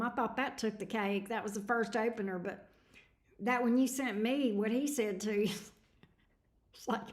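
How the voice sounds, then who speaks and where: A woman's voice: fairly high pitch, measured pace, pauses often. A woman hosting a tarot livestream, chatting casually with viewers in a snarky, laughing way, tired. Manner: snarky, laughing, reading chat messages aloud.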